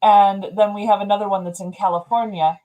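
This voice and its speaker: A woman from a brewery chats casually on a live stream. She tells her stories in a gushing, talkative way, and her voice sits at an ordinary middle pitch. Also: steady tone, fairly quick, warm tone, low-quality recording. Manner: chatty, gushing storyteller. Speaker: brewery staff member.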